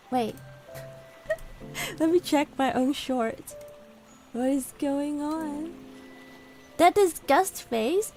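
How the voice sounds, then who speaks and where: A bubbly, giggly woman chats with her viewers on a live stream. Her voice sits high and swings widely in pitch, and she talks slowly and unhurriedly. Soft music plays faintly behind her. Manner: giggly, bubbly, reacting aloud to chat. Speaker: VTuber streamer.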